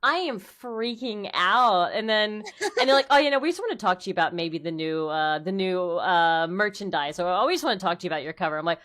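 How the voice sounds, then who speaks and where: A young woman streamer in casual chat, animated, laughing often and acting out quoted dialogue. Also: fairly low pitch, brisk, few pauses. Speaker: streamer host.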